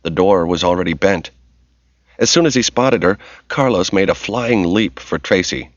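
A man with a low voice narrates a novel in a steady, measured, scripted way. The audiobook recording is dull and lo-fi, with no room sound.

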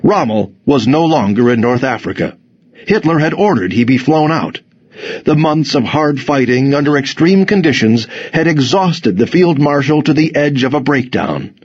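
A man narrating an audiobook, giving historical background in a lively, expressive reading. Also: mid-range voice, normal speed, husky. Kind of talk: scripted narration. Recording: dull audio with faint music.

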